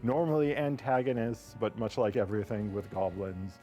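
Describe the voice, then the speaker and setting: A man presents new game content with enthusiasm, explaining each feature in turn. Soft music plays faintly behind his voice. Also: on the low side, moderate pace. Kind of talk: promotional presentation.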